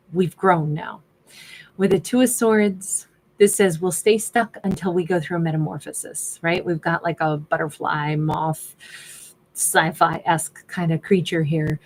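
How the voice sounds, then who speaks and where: A woman's voice: lowish voice, darkish tone, rough recording. A woman giving a casual, chatty tarot reading, talking conversationally and often rephrasing herself mid-sentence. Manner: chatty, conversational, self-correcting. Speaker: tarot reader.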